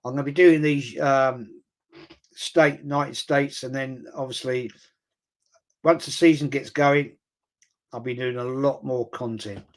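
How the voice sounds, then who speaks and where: A middle-aged man chatting through a live football watch-along stream, rambling and excitable and swearing freely. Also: medium pitch, measured pace, long pauses.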